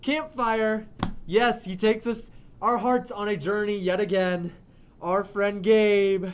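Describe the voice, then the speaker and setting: A man's voice: high-pitched, steady tone, takes it slowly, slight background noise. A young man in his twenties hosting a virtual open mic over a video call, gushing and giggling often. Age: 20s. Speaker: host. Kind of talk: casual show hosting.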